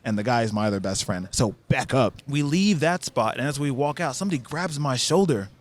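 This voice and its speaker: A man from the United States casually telling a travel story, with many swings between low, quiet asides and high, excited bursts. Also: fairly quick. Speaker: vlogger recounting a trip.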